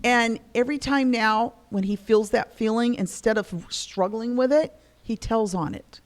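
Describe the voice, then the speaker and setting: A middle-aged woman telling stories in a casual conversation, lively and acting out the voices she quotes. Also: fairly high pitch, measured pace. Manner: animated, acts out quoted voices. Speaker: guest discussing spirituality.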